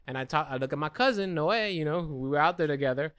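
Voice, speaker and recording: Brief: young American guy, bright forceful voice, dry close sound, swearing storyteller. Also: a little high, quick pace, smooth, no room sound. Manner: profane, rambling anecdote. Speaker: podcast co-host. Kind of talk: casual chat, storytelling.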